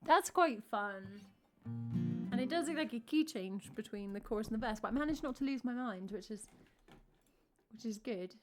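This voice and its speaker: A woman's voice: on the high side, lively intonation, moderate pace, pauses often, faint music behind. A woman from England with an English accent, a singer-songwriter chatting casually between songs on a live stream, rambling and cutting herself off with lots of likes. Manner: rambling, self-interrupting, chatty with many likes.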